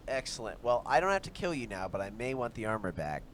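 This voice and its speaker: A man voicing a blunt, protective male tribal companion who swears when exasperated, in a fairly low voice. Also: sing-song, fast talker, fairly bright tone, a little hiss or hum.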